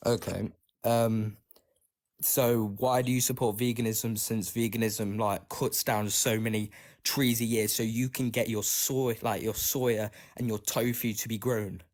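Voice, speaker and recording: A man's voice: on the low side, flat delivery, measured pace, darkish tone. Hesitant man in a debate. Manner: hesitant, many fillers like "right" and "um". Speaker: debate caller. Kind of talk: online debate.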